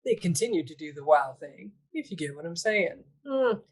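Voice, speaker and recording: A woman's voice: fairly low pitch, big pitch swings, moderate pace, husky, low-quality recording. A woman correspondent giving a comic news report with sassy, joking asides.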